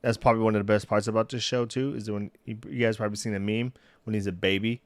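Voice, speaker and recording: A man's voice: fairly low pitch, little pitch movement, fast, no room sound. A young man chatting casually on a solo livestream, rambling, restarting sentences and laughing at himself. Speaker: streamer. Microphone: desk mic.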